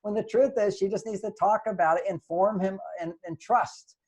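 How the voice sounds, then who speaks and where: Mellow-voiced older man giving advice. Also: high voice, fairly even intonation, moderate pace, breathy edge. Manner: earnest, lecturing, acts out quoted lines. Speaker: relationship author and guest. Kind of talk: advice talk.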